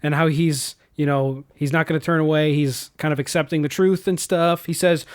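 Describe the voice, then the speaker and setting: Man, podcast co-host, casual movie recap, swears a lot, rambling, slightly high voice. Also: moderate pace. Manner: rambling, profane, animated retelling.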